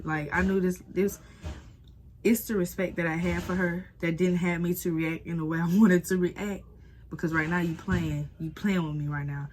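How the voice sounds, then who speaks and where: A young woman tells a storytime straight to her viewers, her voice sitting a little low. She keeps calling them y'all and acts out what other people said. A faint hiss runs under the recording. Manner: animated, addresses viewers as y'all, acts out quotes. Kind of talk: casual storytime vlog.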